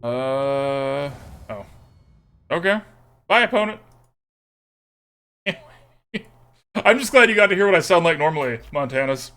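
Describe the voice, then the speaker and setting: A man streaming live, chatting casually as he plays a card game, thinking out loud and greeting viewers by name. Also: a little high, animated, unhurried, long pauses, smooth.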